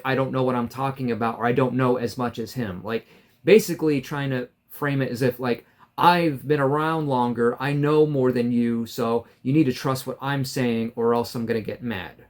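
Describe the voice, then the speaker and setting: A man vlogging straight to camera, recounting a falling-out with a steady, mid-pitched voice. He sounds aggrieved and rambles, stumbling over restarts and fillers as he lays out his grievances. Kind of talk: casual storytelling to camera.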